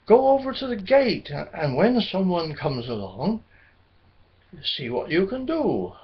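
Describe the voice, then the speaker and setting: Brief: man playing a kindly, cheerful storybook blackbird, high-voiced and unhurried. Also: very animated, heavily acted. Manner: cheerful, gently encouraging. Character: cheerful helpful little blackbird, male, kindly. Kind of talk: children's storybook reading. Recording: dull lo-fi recording.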